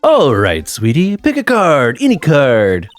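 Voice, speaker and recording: A man's voice: medium pitch, huge pitch swings, a little slow, faint music behind. A man voicing a flamboyant, vain male star magician who drawls his lines in a showy, self-admiring way. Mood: smug flirty.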